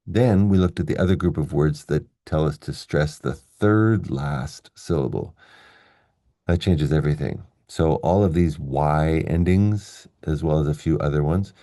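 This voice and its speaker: A man teaching an online English pronunciation lesson, explaining clearly and slowing down to model the stressed words. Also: deep voice, warm tone, no room sound, clean studio sound.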